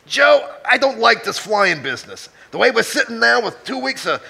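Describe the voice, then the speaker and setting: An actor playing a worried older boxing trainer who hesitates and stammers, in 1940s radio acting. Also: male voice, very high voice, very animated, moderate pace, creaky, sharp tone, slightly rough, heavily acted. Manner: worried, hesitant, full of uh's.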